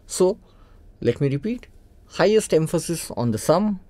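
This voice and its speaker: Calm Indian man teaching tabla. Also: a little high, unhurried. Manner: calm, methodical, repeats key points. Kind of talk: instructional explanation. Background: tabla playing.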